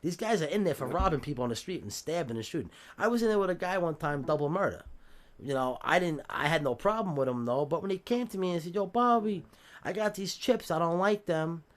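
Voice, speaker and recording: A man guesting on a podcast tells stories from jail in a relaxed, street-smart New York way, swearing often and mimicking the voices he quotes. His voice leans high and is expressive, and he talks at a quick pace.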